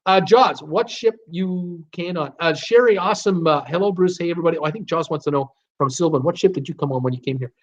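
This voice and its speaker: A man hosting a live stream, reading viewer comments aloud and greeting each viewer by name in a chatty, upbeat way. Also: on the high side. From United States. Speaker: host of a live cruise Q&A stream. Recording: slightly dull, lo-fi stream audio.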